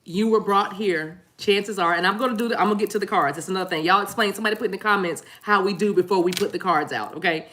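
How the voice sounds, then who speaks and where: A woman's voice: mid-range voice, fast, hardly any pauses. A woman reading tarot cards for her viewers in a casual live-stream chat. She rambles, laughs a lot and keeps saying "y'all". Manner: chatty, laughs often, warm "y'all" asides; rambling with restarts and apologies. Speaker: tarot reader.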